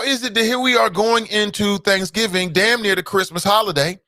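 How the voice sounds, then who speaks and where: A male talk show host from Cincinnati, delivering animated solo commentary full of repeated rhetorical questions and sudden high exclamations. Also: moderate pace, few pauses, dry recording, studio quality. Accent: Cincinnati, Ohio.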